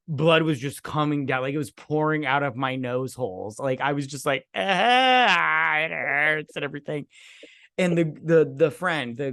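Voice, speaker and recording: A man rambles through a movie review over drinks. His voice swings widely up and down as he jumps into loud, put-on quotes. The sound is dry and close, with no room echo. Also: on the high side. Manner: rambling, profane, acts out quotes in raised voices. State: drinking while talking. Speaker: podcast co-host. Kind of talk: casual movie review chat.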